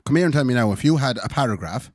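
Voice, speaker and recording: A man's voice: medium pitch, animated, rapid-fire, no echo, studio quality. An Irish man co-hosting a podcast, casual chat, telling stories animatedly and laughing often. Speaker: podcast co-host.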